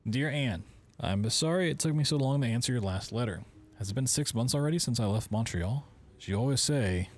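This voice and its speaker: A man's voice: fairly low pitch, a little mellow. A man hosting a game playthrough, reading in-game letters aloud and breaking off with wry, joking asides. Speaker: gaming video host.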